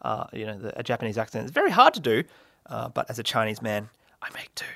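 Young man with a very lively, bouncy voice. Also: mid-range voice, fast, gravelly, no echo, clean studio sound. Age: young adult. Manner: rambling and self-mocking, with frequent fillers and laughs. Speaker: podcast host. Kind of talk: solo comedic podcast monologue.

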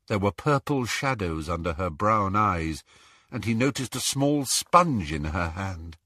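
A man narrating an audiobook with slow, dramatic delivery. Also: deep voice, lively intonation, pushed and bright, no echo, studio quality.

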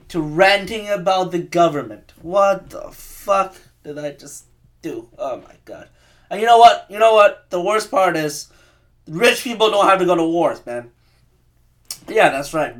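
A man's voice: high voice, fairly bright tone. A man in his twenties, host of a podcast, ranting casually in a rambling, profane, self-mocking way. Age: 20s.

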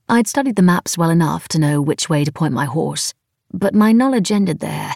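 A woman narrating a novel in the first person, with wry, even storytelling. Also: deep voice, moderate pace, gravelly, breathy edge, dry recording, studio quality. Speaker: audiobook narrator.

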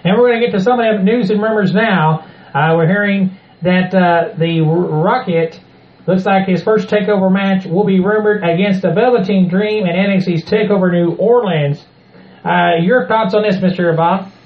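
A man's voice: sits high, normal speed, echoey room, muffled recording. A man co-hosting a wrestling podcast, ranting in a crude, rambling, folksy way. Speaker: podcast co-host. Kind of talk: casual wrestling chat.

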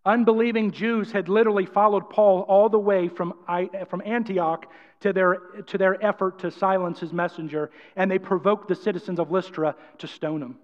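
A man's voice: high voice, fairly even intonation, normal speed. A man preaching a sermon with energy and emphasis, often acting out quotes. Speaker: pastor. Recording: dull sound, long church-hall reverb.

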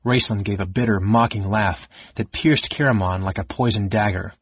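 A man reading an audiobook in a measured, dramatic narration. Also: fairly low pitch, breathy edge, dry recording, highs cut off.

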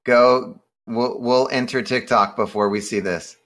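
A man co-hosting a casual show, animated and quick to laugh. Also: medium pitch. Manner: animated, prone to loud laughter. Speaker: podcast co-host. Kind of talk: casual chat.

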